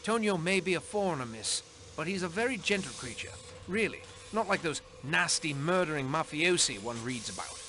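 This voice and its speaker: A man's voice: fairly high pitch, expressive, normal speed, bright, forceful tone, a little hiss or hum. An actor playing a nervous male train passenger in a video game, stammering and flustered. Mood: defensive.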